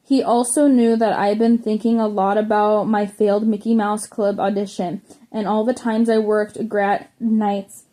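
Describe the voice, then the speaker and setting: A woman's voice: medium pitch, little pitch movement, unhurried, warm tone. A woman reading a memoir aloud, now and then tripping over words and starting them again. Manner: stumbles and restarts words while reading. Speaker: audiobook reader.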